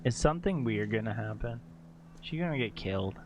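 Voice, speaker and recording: A male streamer giving excitable live commentary on a game, swearing and laughing often. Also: on the low side, brisk, highs cut off, slight background noise.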